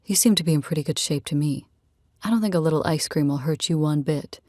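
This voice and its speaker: A woman's voice: sits low, fast talker, a little mellow, no room sound, clean studio sound, pitched below the performer's own voice. A woman voicing a tall, rugged man who jokes easily, in an audiobook reading. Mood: teasing.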